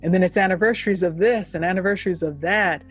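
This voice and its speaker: A woman's voice: lowish voice, fast, husky. A woman who leads a university, speaking in an earnest, reflective way during a heartfelt panel discussion. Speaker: university leader.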